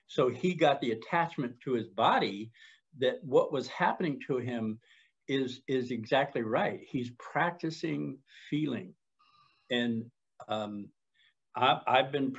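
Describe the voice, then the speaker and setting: Older male co-host, husky, unhurried, halting storyteller; muffled recording. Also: mid-range voice. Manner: halting, calm, with many restarts. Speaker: podcast co-host. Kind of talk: conversational storytelling. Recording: dull lo-fi sound.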